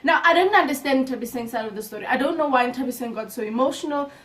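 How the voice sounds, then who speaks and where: A young woman recapping a reality show episode for her viewers in a casual, animated and exasperated way, often calling out "you guys". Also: high-pitched, fast talker, distant mic. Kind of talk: casual chat to camera.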